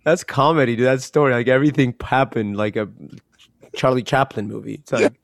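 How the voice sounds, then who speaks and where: An easygoing man hosting a relaxed interview. He reacts with casual slang at a middling pitch, and the sound is dry and close with no room echo. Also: fairly quick, vocal fry. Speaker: host.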